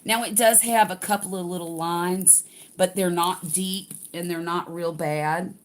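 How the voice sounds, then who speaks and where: A woman's voice: fairly low pitch, steady tone, unhurried. An older woman, chatting casually to livestream viewers while unboxing a craft kit.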